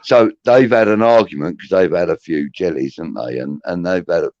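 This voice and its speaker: A man's voice: deep voice, a little fast, darkish tone, no echo. A middle-aged man, hosting a podcast and rambling through chatty, swear-laden anecdotes. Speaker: podcast host. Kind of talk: casual storytelling. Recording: dull, muffled audio.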